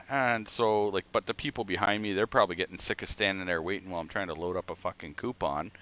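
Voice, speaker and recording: A man's voice: lowish voice, lively intonation, a little fast, sharp tone. A man streaming a flight simulator, telling a rambling, profane story in casual chat.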